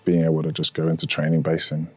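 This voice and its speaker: A young man, a rugby player, talking reflectively in casual chat, pausing often with fillers. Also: rumbling low, monotone, slightly rough, soft background music.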